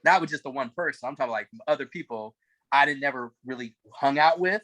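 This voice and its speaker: Male co-host, casual, meandering delivery with fillers; bright, dry tone. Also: medium pitch, fast talker, dry recording, poor audio. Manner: rambling, hesitant, full of fillers and restarts. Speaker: podcast co-host. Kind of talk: casual chat.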